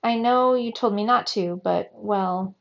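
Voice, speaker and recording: A woman's voice: medium pitch, measured pace, vocal fry, dull audio. A woman reading as an earnest teenage hero boy.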